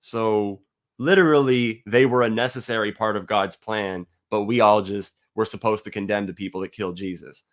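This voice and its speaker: A man giving a heated, profane monologue to his viewers, blunt and argumentative, sometimes reading a passage aloud slowly. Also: lowish voice, fairly even intonation. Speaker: atheist video host. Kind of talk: ranting monologue to camera.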